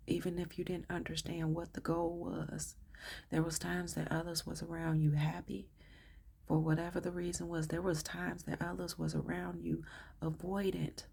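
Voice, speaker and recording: A woman with a low, gravelly, husky voice gives a channeled tarot reading. She speaks in an emotional, affirming way and often drops into soft whispers. Her tone is dark and mellow. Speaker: tarot reader.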